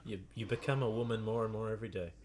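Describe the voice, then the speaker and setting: A man's voice: on the low side, fairly even intonation, racing, darkish tone. A man in a casual, crude chat, teasing dryly with short replies.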